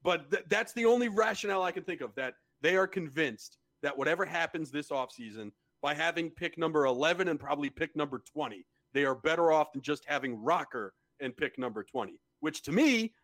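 A man co-hosting a podcast, talking in a blunt, exasperated way and swearing freely. His voice sits a little high for a man, and he keeps it loose and conversational. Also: expressive, brisk, hardly any pauses, a bit bright. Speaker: podcast co-host. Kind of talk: casual chat.

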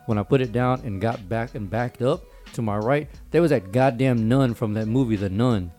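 A man's voice: mid-range voice, moderate pace, mellow, faint music behind. A man in casual chat, telling a dream story in a loose, joking, profane way.

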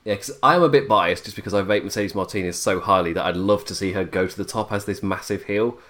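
A man's voice: on the low side, fast, a bit bright. Man, casual co-host, chatty, laughs a lot, trips over words. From Britain. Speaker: podcast co-host. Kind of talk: casual wrestling chat.

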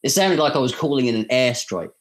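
A man's voice: medium pitch, animated, quick pace. A man with a trained British received pronunciation accent, chatting casually as a guest about his acting work in a self-deprecating way. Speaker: guest voice actor. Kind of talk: casual chat.

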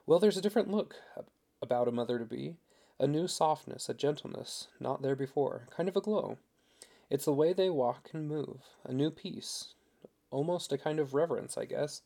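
A man voicing a devoted young husband, earnest and gently persuasive. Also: on the high side, moderate pace, creaky. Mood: tender.

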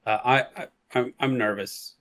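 A man's voice: mid-range voice, fairly even intonation, normal speed, a bit bright. A man playing in a tabletop game, talking casually with frequent hesitations and restarts. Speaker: player.

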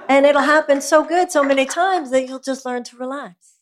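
A woman's voice: sits high, normal speed. Earnest woman talking spirituality. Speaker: spiritual speaker and guest. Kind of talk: conversational talk at a live event.

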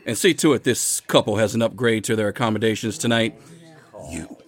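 An actor playing a large casino floorman, firm, smooth and polite. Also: fairly low pitch, brisk, close to an everyday voice. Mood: calm firm. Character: big, calm casino floorman.

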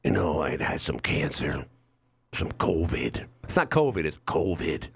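A man putting on the voice of an aging male film star with a low, slow, weary drawl. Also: very animated, creaky, breathy edge, no echo, full character voice. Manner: low, slow mumbling impression.

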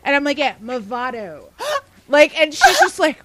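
A woman telling an animated, sassy story in a casual group chat. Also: high voice, moderate pace.

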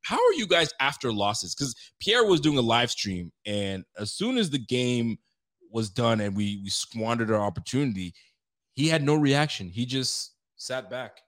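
Animated man telling a sports story. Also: medium pitch, a little slow. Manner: animated storytelling, bursts of excitement. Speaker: co-host. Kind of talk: casual sports chat.

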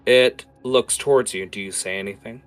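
A man narrating a tabletop game as its game master, animated and full of filler words. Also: fairly low pitch, normal speed, soft background music.

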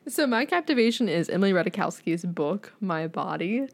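A woman's voice: on the low side, expressive, moderate pace. A young woman co-hosting a casual chat podcast, teasing and blunt, with casual swearing. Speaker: podcast co-host.

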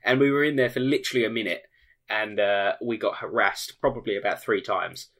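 A man's voice: fairly low pitch, fairly quick, a bit bright. A man, chatting on a podcast, telling a long story with many fillers and laughs. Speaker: podcast co-host. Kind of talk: casual chat, storytelling.

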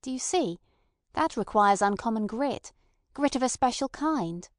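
Brief: a woman playing a cool, contemptuous little man, voice pitched higher, carelessly calm. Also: measured pace, no room sound, clean studio sound. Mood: scornful. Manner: detached, lofty, scornful. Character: cold scornful small male bomb-maker.

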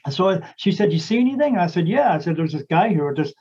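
A man's voice: a little high, fast, darkish tone, husky, lo-fi sound. A man, a psychic medium, chatting casually and telling a long story in a rambling way, with lots of restarts and acted-out quotes.

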